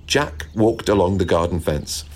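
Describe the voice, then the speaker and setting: A man reading a children's storybook aloud in a gentle, expressive way. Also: low-pitched, a little slow.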